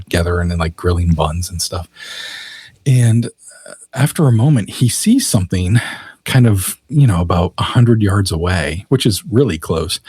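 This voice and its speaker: A low-voiced man with a husky edge retells events as a podcast guest. His delivery is casual and vivid, full of "you know". The sound is close and dry, with no room around it. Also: a little mellow, no echo. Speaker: guest storyteller, author. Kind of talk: casual storytelling.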